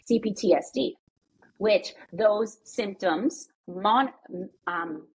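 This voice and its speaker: A woman, speaking as a podcast guest in candid, animated storytelling and swearing freely. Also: medium pitch, takes it slowly, slightly rough, rough recording.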